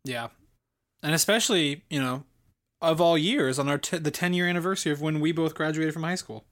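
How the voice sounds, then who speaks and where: A man's voice: on the high side, brisk, a bit bright. A man in his late twenties co-hosting a podcast, chatting casually about a movie in a rambling, enthusiastic way with lots of fillers. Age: late 20s. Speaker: podcast co-host. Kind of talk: casual film review chat.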